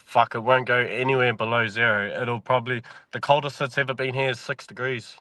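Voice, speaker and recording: A mine worker from New Zealand, with a Kiwi accent, chats casually as a podcast guest, relaxed and swearing freely. His mid-range voice is pushed and bright with little pitch movement, a little fast, and has no echo.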